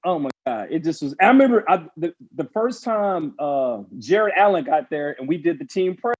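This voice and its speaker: Husky guy, ex football player telling a story, kinda high voice, laughs a lot. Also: normal speed, dull audio. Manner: animated, laughing, acts out the people he quotes. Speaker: former pro football player and show guest. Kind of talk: casual storytelling on a panel show.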